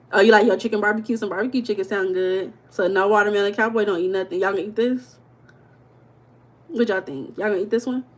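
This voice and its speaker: A woman coach hosting a livestream, speaking in in a playful, teasing way and repeating her questions to viewers in the chat. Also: mid-range voice. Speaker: life coach and livestream host.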